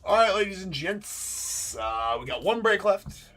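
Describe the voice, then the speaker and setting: A man's voice: high voice, very animated, a little slow, pushed and bright, soft background music. A man hosting a live card break stream, talking casually and teasing viewers in the chat with loose, rambling banter. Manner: teasing, rambling, with frequent laughs and filler words.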